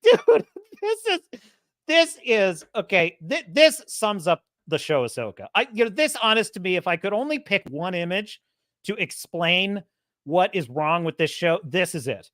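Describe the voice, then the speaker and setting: Woman host, sarcastic rant, animated voice, dry close sound. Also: fairly low pitch, moderate pace, no echo. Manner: sarcastic, laughs often, mocking impressions. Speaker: show host. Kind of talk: casual commentary rant.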